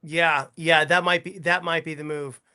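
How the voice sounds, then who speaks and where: A man on a talk show as a guest, crude and excitable, stammering over his words. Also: a little high, normal speed, clear, resonant tone. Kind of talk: casual talk show chat.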